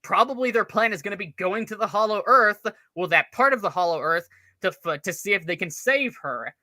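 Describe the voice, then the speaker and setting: A man's voice: high voice, expressive, brisk, pushed and bright, no room sound. A man co-hosting a casual show review, analytical and rambling, with the odd curse. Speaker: co-host reviewer.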